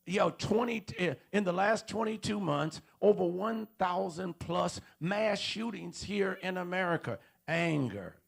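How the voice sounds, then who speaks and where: Gravelly-voiced man preaching a sermon. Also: sits high, unhurried, few pauses. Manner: call-and-response preaching, repeats questions to the congregation. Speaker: pastor. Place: church auditorium.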